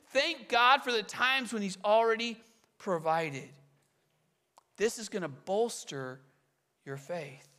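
A man preaching a sermon, earnest and conversational, asking rhetorical questions and slowing down to lean on key phrases. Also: high voice, a bit bright. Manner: slows and leans on key phrases. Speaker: pastor.

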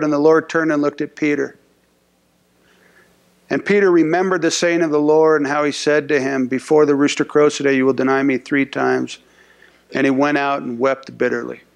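Guy pastor preaching, kinda gravelly, highish voice, acts out little voices. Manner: conversational, acts out voices of people and God, repeats words. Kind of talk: sermon.

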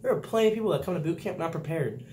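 A man's voice: a little high, racing. A young man recounts boot camp in loose, casual chat. He acts out quotes and laughs along as he goes. The recording carries a faint background hiss. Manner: animated storytelling, laughs often, acts out quotes loudly. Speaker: vlog host, Navy sailor.

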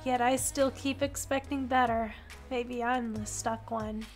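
A woman voicing a weary, guilt-ridden female vampire in a visual novel, speaking softly and apologetically. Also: a little high, steady tone, unhurried, soft background music, natural voice. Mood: subdued.

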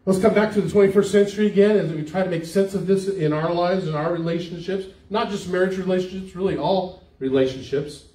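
A man's voice: sits high, a little fast, few pauses, dark tone. An older man, a pastor, giving a conversational sermon and putting questions to the congregation. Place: church sanctuary. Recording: echoey church hall, mic from far off.

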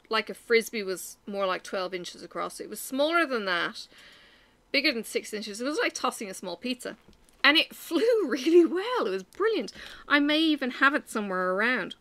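This Irish woman's voice is fairly high and a bit bright. Working on her stitching for a crafting vlog, she chats casually and rambles through her stories with frequent fillers.

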